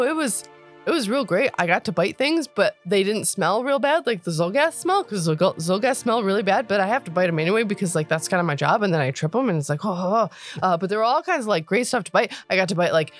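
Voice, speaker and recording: A woman's voice: on the low side, natural voice. A woman doing an eager rambling creature kid. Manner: rambling, breathless, giggly. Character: excitable young male creature sidekick, eager and simple. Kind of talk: tabletop role-play in character.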